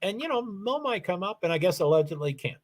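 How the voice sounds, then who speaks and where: A man's voice: high voice, sing-song, quick pace. A man from Kentucky with a faint Southern accent, hosting a casual livestream chat and talking in a rambling, hesitant way with lots of restarts. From Louisville, Kentucky, USA. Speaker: livestream host.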